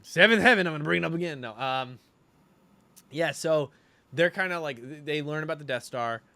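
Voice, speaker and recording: A man's voice: a little high, brisk, no room sound. A man co-hosting a podcast, retelling scenes in casual chat with lots of swearing and fillers. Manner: animated, profane retelling with many fillers. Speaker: podcast co-host.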